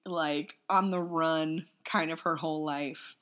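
A woman chatting casually about a movie, animated and jokey. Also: sits low, slow. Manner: animated, jokey, does silly voices.

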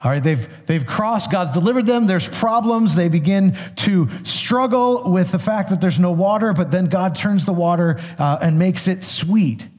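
A man's voice: high voice, expressive, normal speed, hardly any pauses, a little mellow. A male pastor giving a sermon, retelling scripture in an easygoing, conversational way with small restarts. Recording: long hall reverb.

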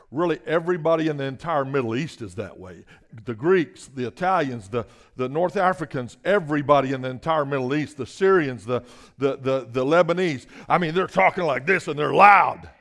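A man preaching a sermon, moving between hushed asides and loud emphatic bursts and calling out to the congregation for a response. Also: medium pitch.

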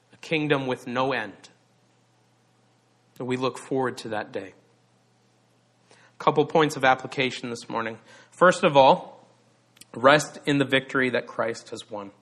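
A man preaching a Sunday sermon with a bright, clear-edged voice. He leans on key words for emphasis and poses rhetorical questions to his listeners. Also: mid-range voice. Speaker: pastor.

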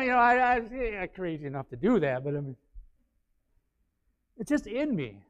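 A male pastor preaching a sermon, animated, swinging between quiet asides and loud bursts. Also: high voice, normal speed, pauses often. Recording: slightly dull, lo-fi sound.

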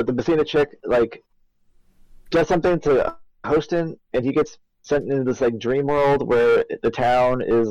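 A man's voice: mid-range voice, darkish tone, dry recording, muffled recording. Dry-miked man rambling through a recap. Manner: rambling, filler-heavy plot summary. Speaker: podcast co-host. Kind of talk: casual game recap chat.

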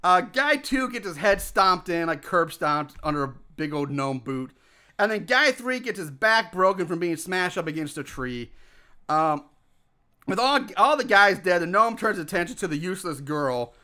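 A man with a very high, bright voice recaps a movie for a podcast. He is profane and sarcastic, laughs often and mocks the characters with quick impressions. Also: animated. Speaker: podcast co-host reviewing a movie. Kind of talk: casual comedic movie recap.

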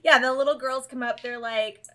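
A woman co-hosts a podcast and earnestly walks through an anime episode, acting out bits of dialogue as she goes. Her voice is mid-pitched and bright. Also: fairly even intonation, moderate pace. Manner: earnest, retells scenes with quoted lines. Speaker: podcast co-host. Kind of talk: casual chat recapping an anime episode.

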